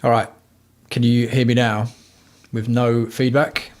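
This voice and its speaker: A man's voice: medium pitch, little pitch movement, measured pace. Blunt, swearing man on a livestream. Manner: profane, blunt, rambling. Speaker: livestream host. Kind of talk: casual rambling livestream chat. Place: at home.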